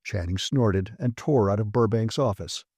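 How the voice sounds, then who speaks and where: A man reading a classic science fiction audiobook with brisk, vivid storytelling. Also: on the low side, a little mellow, no echo, clean studio sound. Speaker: audiobook narrator. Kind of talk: scripted narration.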